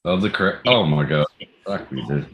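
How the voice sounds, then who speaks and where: A man's voice: very deep voice, animated, moderate pace, a bit bright, highs cut off, a little hiss or hum. A man with an American accent, crude and laid-back, chatting casually on a podcast while tipsy.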